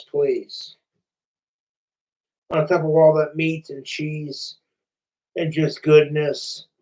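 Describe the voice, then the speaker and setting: A man's voice: on the high side, a little mellow, far from the mic, rough recording. A man chatting casually on a livestream, rambling, profane and repetitive.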